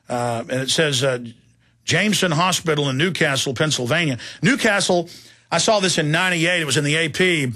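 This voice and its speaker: A man's voice: fairly high pitch, sharp tone, slightly rough. A middle-aged man hosting a talk radio show, telling rambling, digressive stories in a heated, indignant way.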